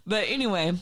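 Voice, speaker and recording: A woman's voice: high-pitched, fairly bright tone. Tipsy, giggly woman podcaster. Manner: laughs often, swears freely, rambling. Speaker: podcast co-host. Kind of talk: casual chat.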